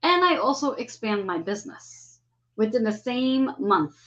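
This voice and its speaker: A woman in her fifties hosts a relaxed spiritual chat about the stars, her voice sitting a little high. She talks in an animated way and slips into the voices of the people she quotes. The recording is dull and lo-fi. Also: a little slow. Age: 50s. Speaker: host. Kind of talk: casual spiritual astrology chat.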